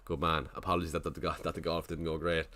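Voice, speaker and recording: A man's voice: very deep voice, little pitch movement, quick pace, bright, forceful tone. A man casually chatting on a live stream, thinking aloud and greeting viewers in the chat. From Ireland.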